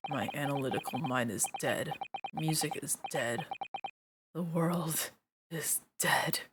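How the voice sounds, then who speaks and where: A woman voicing a gloomy, melancholic male detective who speaks slowly and mournfully in a low, quiet voice. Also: very noisy. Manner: slow, low, flat-toned and mournful. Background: violin game music.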